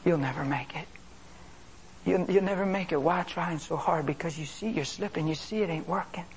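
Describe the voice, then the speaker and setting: A man voicing a sly, taunting devil who murmurs discouragement in a soft, coaxing tone. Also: normal speed, slight background noise, lightly acted, poor audio. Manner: coaxing, belittling, soft and low.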